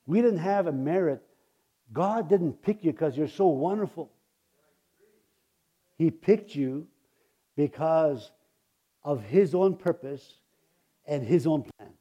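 Male preacher, high and mellow, loud exclaiming then low confiding asides, stammering restarts, talks straight to the pews. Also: slightly rough, muffled recording. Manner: stammering restarts, chuckles, addresses the congregation. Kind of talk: sermon.

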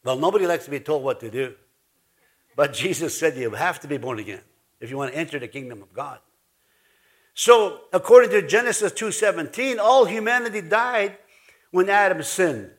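A man's voice: a little high, animated, moderate pace. A man preaching a sermon in a folksy way, with an Ojibwe-influenced Canadian accent, joking with the congregation and calling for responses. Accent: Ojibwe-influenced Canadian English. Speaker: pastor.

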